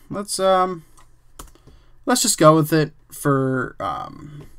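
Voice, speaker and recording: Man, somewhat high voice, relaxed tutorial chatter, fillers and "bam"s while editing. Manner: relaxed, chatty, says "bam" and "um", thinks aloud while working. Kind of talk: casual screen-recorded tutorial.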